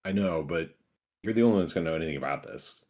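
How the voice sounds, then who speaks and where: A man's voice: very deep voice, expressive, racing, a little mellow. A man playing a tabletop game, talking casually and rambling with restarts. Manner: rambling, hesitant, repeats himself. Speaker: player.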